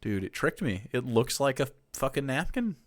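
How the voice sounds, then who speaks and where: A man's voice: medium pitch, big pitch swings, moderate pace. A man casually reacting to videos on his stream, loose and profane in his remarks.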